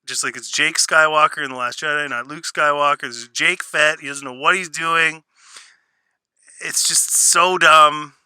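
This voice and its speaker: A man's voice: fairly high pitch, steady tone, normal speed, pushed and bright, smooth, no echo. A man ranting sarcastically through a spoiler review, exasperated and mocking what he reviews. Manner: sarcastic, exasperated, mocks lines in put-on voices. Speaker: show reviewer.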